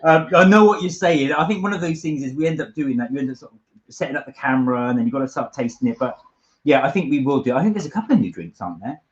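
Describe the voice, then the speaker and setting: A man's voice: medium pitch, expressive, fast. A man co-hosting a casual live stream, reading out viewer comments in an upbeat, chatty way. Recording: dull lo-fi stream audio.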